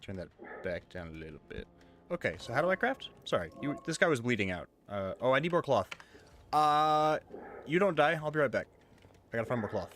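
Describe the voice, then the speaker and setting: A man gives casual gaming commentary into a headset mic, joking and rambling. His mid-pitched voice swoops up and down a lot. Steady noise and clicking sit behind him. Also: brisk. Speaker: streamer. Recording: noisy with clicks.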